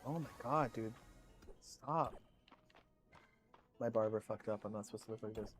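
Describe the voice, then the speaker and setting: A man's voice: fairly low pitch, moderate pace, faint music behind. A man streaming, chatting casually with viewers, telling rambling stories full of swearing and fillers.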